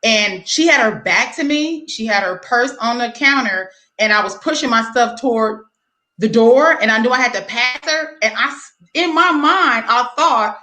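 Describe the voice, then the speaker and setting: A woman's voice: a little high, expressive, moderate pace, bright, forceful tone, roomy sound. A woman panelist in a casual discussion, recounting an everyday story and quoting her own thoughts.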